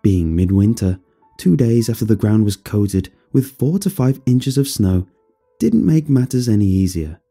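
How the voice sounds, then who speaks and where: A man tells a first-person horror story with measured, descriptive pacing. His voice is low, dark and mellow, with a gravelly, husky texture. Soft music plays faintly behind him. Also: animated. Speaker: narrator.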